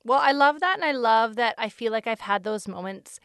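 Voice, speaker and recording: A woman's voice: fairly high pitch, a little fast, fairly bright tone, smooth, no echo. A woman hosting a conversational interview, asking questions and sharing relatable asides.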